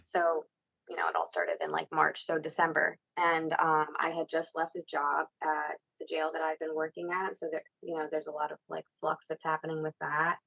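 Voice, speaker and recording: A woman guest on a casual podcast, speaking in a reflective, halting way. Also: deep voice, gravelly, a bit bright, no echo, dull audio.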